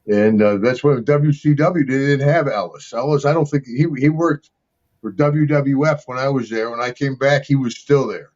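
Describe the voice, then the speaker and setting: An older man spins loose, rambling anecdotes as an interview guest, often breaking into a laugh. His voice sits at an ordinary middle pitch. The recording sounds a little dull and lo-fi. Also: normal speed, a little mellow. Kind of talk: casual storytelling.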